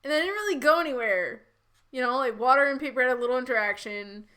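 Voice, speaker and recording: A woman's voice: sits high, expressive, fast talker, sharp tone. A woman streamer reading fan fiction aloud and commenting in a rambling, giggly, incredulous way. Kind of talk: live-read with commentary.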